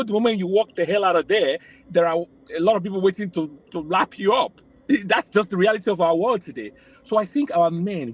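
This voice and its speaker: Man from Nigeria, podcast guest, reflective, explains at length, slightly high voice. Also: poor audio. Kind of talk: casual podcast conversation.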